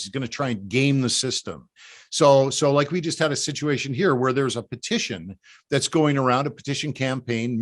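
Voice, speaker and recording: A man from Canada giving a rallying political briefing, emphatic and repetitive, urging listeners to act. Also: medium pitch. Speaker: political organizer.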